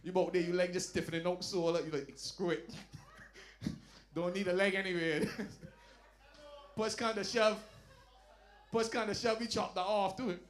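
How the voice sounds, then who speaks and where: A man performing a stand-up comedy set, telling loud, animated stories and dropping into low asides. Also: normal speed. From Barbados. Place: lounge comedy night.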